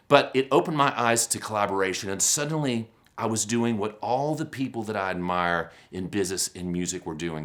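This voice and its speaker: A low-pitched man in his fifties gives a motivational keynote. His storytelling is animated and self-deprecating, peppered with rhetorical questions.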